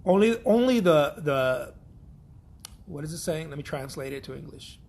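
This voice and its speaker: A man's voice: a little high, animated, normal speed, a little mellow, a little hiss or hum. A man from Mexico, an artist giving a blunt, profane, repetitive pep talk in a casual vlog.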